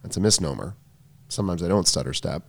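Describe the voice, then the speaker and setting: A man's voice: sits low, quick pace, creaky. New man explaining tennis footwork. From New York. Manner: explains in detail, self-correcting restarts. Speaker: tennis coach. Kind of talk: casual podcast chat.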